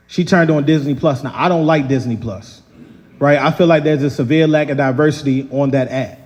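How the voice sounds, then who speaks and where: A man's voice: on the high side, a little fast. A man in his thirties with a Baltimore accent, performing a stand-up comedy set on a large theater stage, telling stories and acting out quoted voices. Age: 30s. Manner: animated, storytelling with quoted voices. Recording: live theater with long reverb.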